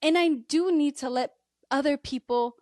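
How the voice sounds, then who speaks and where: A woman's voice: normal speed, a little mellow, no echo, studio quality. A woman in her thirties guesting on a podcast, talking openly and emotionally, often laughing and quoting her own thoughts. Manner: emotional and open, laughs often, quotes herself in a higher voice. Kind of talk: candid interview talk.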